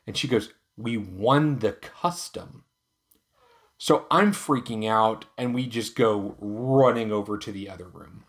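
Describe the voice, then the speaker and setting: A man hosting a casual product review vlog, talking in a relaxed, chatty way with frequent ums and uhs. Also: fairly low pitch. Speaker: knife reviewer and channel host.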